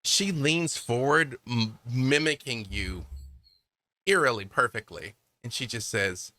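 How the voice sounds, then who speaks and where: A man narrating as game master of a tabletop game, descriptive and animated, with casual fillers. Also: medium pitch, takes it slowly.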